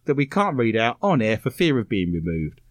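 Man, radio host, dry close studio sound, bouncy lively pitch, teasing banter. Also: fairly quick, dry recording. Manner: playful, teasing, full of innuendo. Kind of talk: comedic radio chat.

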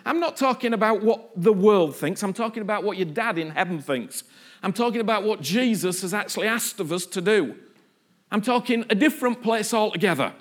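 A man's voice: high voice, lively intonation, fairly quick. A man preaching a passionate sermon, often acting out the voices of the people he quotes.

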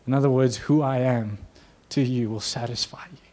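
A man preaching a sermon, telling a story with lively energy, acting out quotes and laughing now and then. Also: mid-range voice, normal speed.

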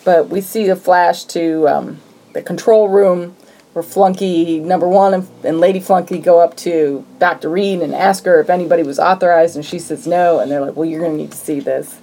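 A woman co-hosting a podcast, casually retelling a movie plot in a lively storytelling way and acting out lines from scenes. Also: on the low side, normal speed, low-quality recording. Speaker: podcast co-host. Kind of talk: casual movie recap chat.

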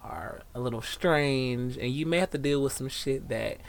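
A man's voice: medium pitch, normal speed, creaky, smooth. A young adult man hosting a podcast, speaking in an easygoing, friendly way and addressing listeners directly. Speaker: podcast host. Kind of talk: casual chat and show promo.

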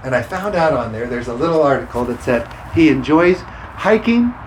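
A man's voice: mid-range voice, animated, moderate pace, slight background noise. A man preaching a sermon as pastor, emphatic and repeating scripture declarations. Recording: roomy sound with faint ambience.

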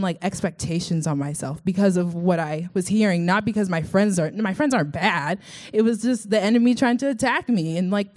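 A woman's voice: mid-range voice, a little mellow. A young woman from Texas telling her personal faith story in an earnest, chatty way, with many fillers. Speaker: vlogger.

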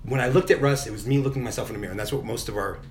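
A man's voice: mid-range voice, racing, slight background noise. A middle-aged man telling a personal story in a casual podcast chat, candid and full of swearing. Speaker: podcast guest.

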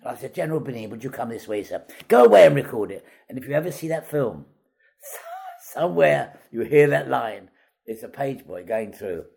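An older man, an actor, telling anecdotes in an interview, chatty and animated, acting out the voices of the people in his stories. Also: mid-range voice, moderate pace, creaky, slightly rough. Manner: chatty raconteur, acts out quoted voices, laughs at own stories. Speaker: comedy actor guest.

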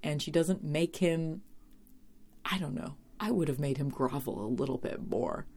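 Low-voiced woman chatting casually. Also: normal speed, vocal fry, darkish tone. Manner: chatty and rambling, with many fillers and cursing asides. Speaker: TV episode reviewer. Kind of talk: casual chat.

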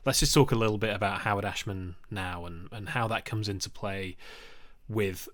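A man's voice: fairly low pitch, normal speed, fairly bright tone, dry recording. A man co-hosting a podcast, setting up topics with curious questions in a casual chat. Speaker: podcast co-host.

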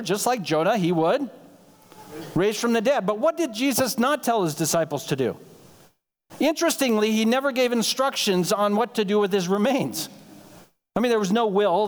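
A man preaching as pastor, in a conversational sermon style that slips briefly into acted-out dialogue. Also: high voice. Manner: conversational, acts out quick dialogue lines. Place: church sanctuary. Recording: long hall reverb.

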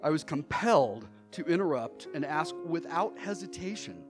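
A middle-aged man telling a story from his own childhood, his voice sitting a little high for a man. He performs it with theatrical energy, rising loud and laughing through the funny parts, then dropping soft and low. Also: sing-song, normal speed, few pauses, over music. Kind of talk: live personal storytelling.

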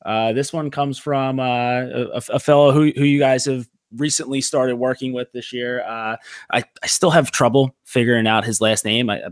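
A mid-pitched man hosts a casual podcast and reads listener questions with a loose, joking ease. His voice sounds dry and close, with no room echo. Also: steady tone, normal speed. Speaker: podcast host.

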